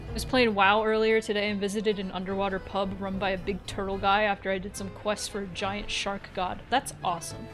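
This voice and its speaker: Over music, a woman in her thirties from Central Florida streams a game and rambles through stories, swearing a bit and laughing at herself. Her medium-pitched voice barely rises or falls, moves a little fast, and hardly pauses.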